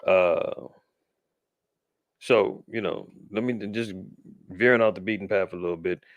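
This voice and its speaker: A man's voice: low-pitched, unhurried, no room sound, highs cut off. A man hosting a show, talking loosely about the news with slang and restarts. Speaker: podcast host. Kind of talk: casual commentary on news.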